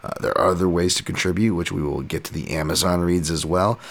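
Podcast host, man, very low gravelly voice, rambling casual delivery. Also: fairly even intonation, fast. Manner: rambling, goes off on tangents.

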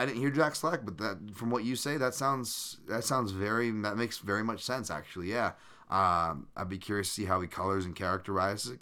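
A man's voice: on the low side, sharp tone. A man hosting a live-streamed podcast, chatting loosely and reading out viewer comments, with plenty of fillers and restarts. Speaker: podcast host.

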